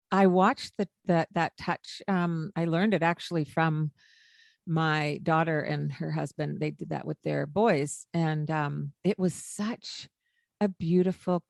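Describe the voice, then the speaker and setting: Older woman, co-host, lower-pitched voice, unhurried and reflective, dry close sound. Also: creaky, dry recording. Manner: gentle and reflective, with hesitant fillers. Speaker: podcast co-host. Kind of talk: casual conversation.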